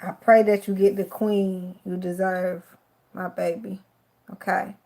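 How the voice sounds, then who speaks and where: A woman with a Miami accent reads tarot cards live for her viewers in a voice of middle pitch. She speaks with affection and emotion, sounding teary-eyed, and drops casual curses as she goes. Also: flat delivery, measured pace, gravelly, warm tone. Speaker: tarot card reader.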